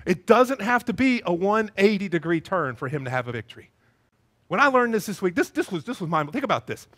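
Animated high-voiced male preacher. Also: fast talker. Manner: animated storytelling, acting out scenes with voices and sound effects. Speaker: pastor. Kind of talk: sermon. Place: church sanctuary with a congregation.

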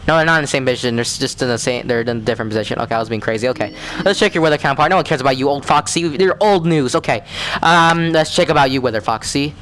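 A man talking through a virtual reality horror game, with excitable, jumpy reactions and rambling asides. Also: medium pitch, very fast, a little hiss or hum. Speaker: gamer. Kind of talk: let's play commentary.

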